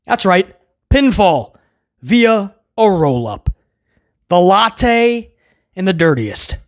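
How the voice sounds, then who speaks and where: High-voiced sarcastic man ranting. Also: very animated. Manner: sarcastic, rambling, quick bursts with stammered restarts. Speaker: wrestling review host. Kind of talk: casual video review rant.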